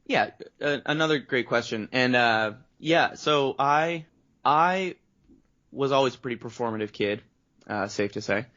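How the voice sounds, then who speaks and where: A man's voice: mid-range voice, measured pace, fairly bright tone. Chatty Canadian man telling stories, lo-fi. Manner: rambling storyteller, acts out quotes. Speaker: guest voice actor. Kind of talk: casual interview chat. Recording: dull lo-fi audio.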